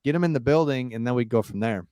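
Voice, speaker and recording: A man co-hosts a casual sports talk show in a loose, filler-heavy way. He slips in dry jokes. His voice is mid-pitched and sounds dry and close to the mic. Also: fast talker, mellow, no room sound. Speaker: sports podcast co-host.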